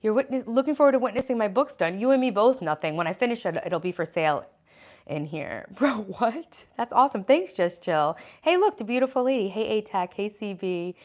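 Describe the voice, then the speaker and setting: A woman's voice: medium pitch, lively intonation, brisk. A woman hosting a casual livestream from her home kitchen, chatting and reading out viewer comments as she answers them. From United States. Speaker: livestream host.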